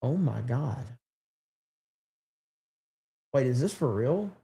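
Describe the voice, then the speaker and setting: A man's voice: medium pitch, animated, moderate pace, gravelly, mellow, breathy edge. A man hosting a casual live stream, rambling and reading viewer chat aloud. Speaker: livestream host.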